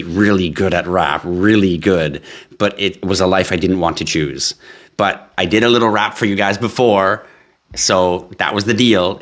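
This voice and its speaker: A man's voice: deep voice, fairly bright tone. A man hosting a live crypto stream, chatting with viewers in a brash, joking, profane way and reading out their comments.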